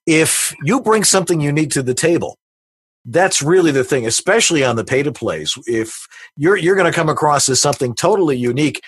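A man hosting a casual interview, asking questions in a halting way and searching for words. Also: on the high side, animated, husky, no echo. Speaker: podcast host.

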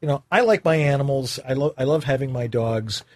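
A man hosting a casual chat from his home recording booth, a voiceover actor who talks in a relaxed way. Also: medium pitch, brisk. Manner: relaxed, with easy laughs and restarts.

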